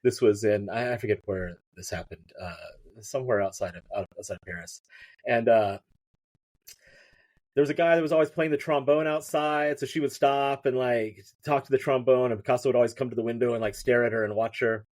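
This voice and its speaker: Man, podcast guest, casual chat, mid-range pitch, rambling, restarts, fillers. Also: steady tone, fairly quick, darkish tone.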